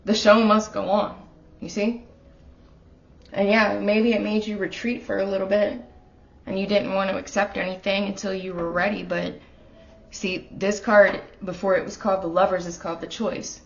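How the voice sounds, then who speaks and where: A woman's voice: mid-range voice, level tone, normal speed, vocal fry, highs cut off, slight background noise. A woman giving a casual tarot reading at home, talking straight to the viewer in an earnest, emotional way. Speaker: tarot reader. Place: her apartment.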